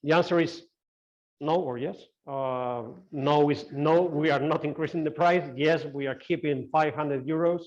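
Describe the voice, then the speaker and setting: A man's voice: fairly high pitch, unhurried, darkish tone, muffled recording. A man leading an online meeting, answering member questions with many restarts and fillers over a video call. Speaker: club CEO answering questions.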